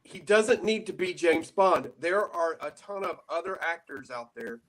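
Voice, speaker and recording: A man's voice: on the high side, animated, unhurried, fairly bright tone. Exasperated man ranting on a panel. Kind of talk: casual panel chat.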